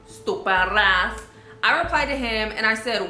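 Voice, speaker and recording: A woman's voice: on the high side, expressive, a little slow, bright, forceful tone, reverberant, faint music behind. A young woman vlogger telling a storytime vlog in an indignant, conversational way, with many fillers.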